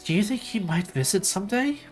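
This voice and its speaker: A man voicing an eager, hopeful young female companion in a raised, falsetto-like pitch. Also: lively intonation, fairly quick, faint music behind.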